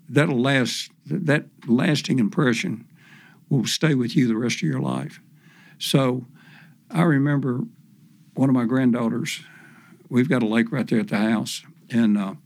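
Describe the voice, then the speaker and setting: Older man telling folksy stories, gravelly. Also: mid-range voice, dry recording. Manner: folksy, unhurried, many fillers, acts out quotes. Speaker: guest, professional fisherman. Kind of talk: casual storytelling interview.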